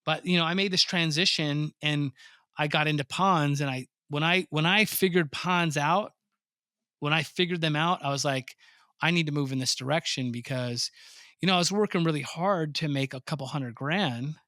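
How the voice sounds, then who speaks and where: A man's voice: a little high, normal speed, no echo, clean studio sound. A man, a pond business owner, telling stories in a casual podcast interview and acting out his own surprised reactions. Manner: animated storyteller, swears freely, acts out his own reactions.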